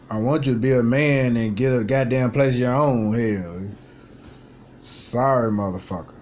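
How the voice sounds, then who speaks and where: A man's voice: mid-range voice, moderate pace, darkish tone, slight background noise. A man in his twenties telling his life story in a vlog, venting bluntly with lots of swearing and frustration. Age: 20s. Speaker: vlogger. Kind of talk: personal vlog monologue.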